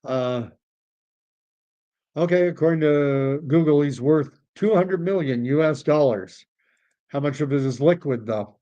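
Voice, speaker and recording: A man's voice: fairly high pitch, measured pace, pauses often, mellow. A Canadian man hosting a political livestream, chatting casually and rambling as he reacts to messages from viewers. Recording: dull lo-fi stream audio.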